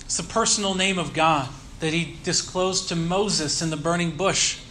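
A man preaching a sermon, teaching earnestly and leaning slowly on key words. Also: a little high, sharp tone, a little hiss or hum. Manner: earnest teaching tone with slow emphatic stresses. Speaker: pastor.

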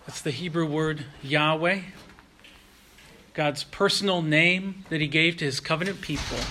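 A man delivers a sermon in a bright, forceful voice that sits a touch high. He speaks earnestly and at a measured pace. He slows right down and leans on phrases he wants to stress. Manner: earnest, measured preaching with slow emphatic pauses. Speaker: pastor.

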